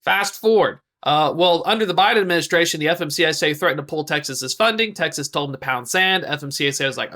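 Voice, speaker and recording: A man's voice: a little high, brisk, hardly any pauses, pushed and bright. A man working as a trucking analyst, explaining industry news on a podcast in a casual, slangy storytelling way.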